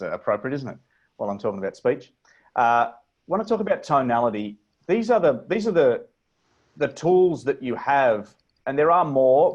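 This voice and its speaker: A man with an Australian accent coaching a webinar on speech over a video call, talking in a measured, deliberate way and demonstrating inflections. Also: mid-range voice, a little mellow, highs cut off. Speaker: presentation coach. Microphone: computer mic on a video call.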